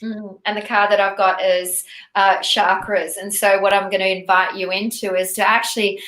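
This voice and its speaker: Soft-spoken woman in an echoey room. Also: mid-range voice, level tone, moderate pace. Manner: soft, inviting, with fillers and restarts. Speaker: co-host reading cards for viewers. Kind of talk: spiritual live stream card reading. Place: Dubai.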